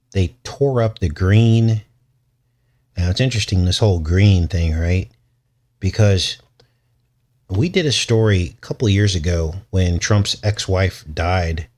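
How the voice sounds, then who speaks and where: Male commentary host, lower register, loose and jokey delivery with frequent chuckles. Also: darkish tone. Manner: rambling, joking, chuckles between points. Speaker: channel host. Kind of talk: casual commentary show.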